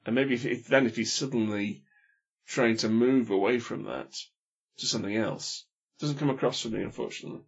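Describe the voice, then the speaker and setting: A film podcast panelist chats casually, hesitant and restarting often yet opinionated. He is a husky man with a mid-range voice who talks fairly quickly, and the lo-fi recording sounds dull and muffled.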